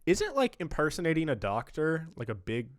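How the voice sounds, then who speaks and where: Young man, podcast host, casual chat, relaxed storytelling, dry sound. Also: on the high side, moderate pace, dry recording.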